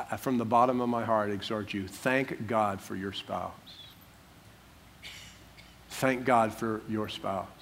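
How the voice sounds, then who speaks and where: An older man, a pastor, preaching a sermon in an animated way, acting out quotes with jokey asides. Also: mid-range voice.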